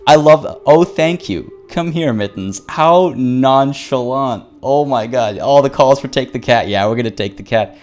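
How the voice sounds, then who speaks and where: Guy streaming a strategy game, chatty and goofy, trips over his words a lot, middle pitch, soft music under him. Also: moderate pace. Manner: playful and chatty, stammers and repeats words; reads game event text aloud and jokes with chat. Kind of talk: live-stream gameplay commentary.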